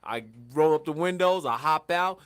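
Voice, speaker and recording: A man's voice: on the high side, normal speed, fairly bright tone, smooth. A man with a slightly raised voice co-hosts a casual podcast. He tells rambling, laughing anecdotes that stall and restart as he goes. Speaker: podcast co-host.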